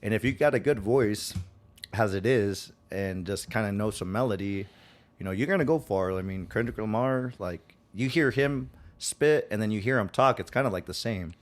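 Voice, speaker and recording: On a casual podcast, a male guest with a fairly low voice talks at a normal speed. His American Western twang comes with rambling, frequent filler words, and acted-out quotes.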